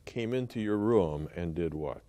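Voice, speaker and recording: A male interview host asking questions and introducing his guest in a measured way. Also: sits low, animated, mellow.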